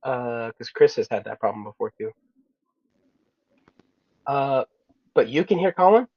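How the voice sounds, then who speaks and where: A man running a tabletop game, quickly questioning his players over an online call. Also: mid-range voice, animated, husky, no echo, lo-fi sound. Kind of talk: casual tabletop game chat.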